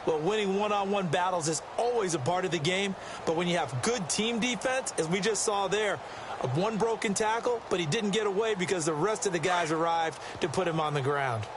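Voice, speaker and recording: A man's voice: high-pitched, a little fast, close to an everyday voice. A man giving color commentary for a football video game, chatty and analytical, bantering with his partner. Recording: loud game noise behind.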